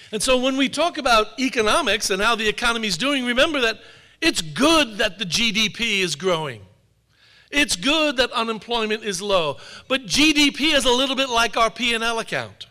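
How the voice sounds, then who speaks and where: A man's voice: high-pitched, bright, forceful tone. A man giving a public talk to an audience, telling stories with wry humor. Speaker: speaker. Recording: long hall reverb.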